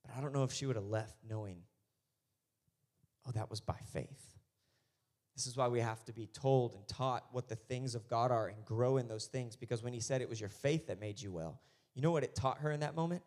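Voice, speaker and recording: A man preaches to his congregation in a loose, conversational way, his voice sitting in an ordinary middle pitch. He often swells into loud, fervent passages while driving his points home. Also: brisk. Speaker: pastor. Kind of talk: sermon.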